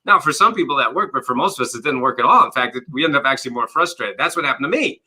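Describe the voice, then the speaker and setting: A man's voice: medium pitch, rapid-fire, breathy edge. A man, a business coach and author, talking as an interview guest, with lots of "you know" and "right?" fillers and acted-out quotes. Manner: animated, explains with acted-out quotes and rhetorical questions. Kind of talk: conversational interview.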